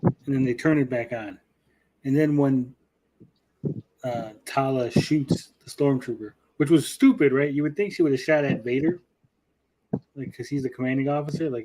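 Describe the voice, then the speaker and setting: A man's voice: medium pitch, normal speed, dark tone, rough recording. A man co-hosting a casual review chat, blunt and profane, often mimicking characters. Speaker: podcast co-host.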